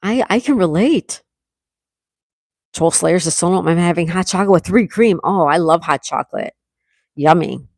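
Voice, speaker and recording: A middle-aged woman hosting a casual livestream, reading viewers' comments aloud and chatting back warmly. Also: fairly low pitch, moderate pace, pauses often, no room sound. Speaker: livestream host reading chat. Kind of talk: casual live chat.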